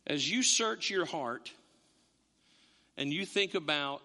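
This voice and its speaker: Lively, sharp-voiced male preacher. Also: fairly high pitch, takes it slowly. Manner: animated, self-interrupting storyteller. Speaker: pastor. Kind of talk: sermon. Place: church sanctuary, also streamed online. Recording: long reverb of a church hall.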